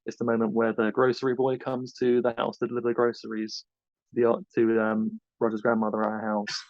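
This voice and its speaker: Flat-voiced man, dull dry recording. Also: medium pitch, fairly quick, no echo. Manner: rambling, loose and hesitant. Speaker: podcast co-host being interviewed. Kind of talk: casual interview answers.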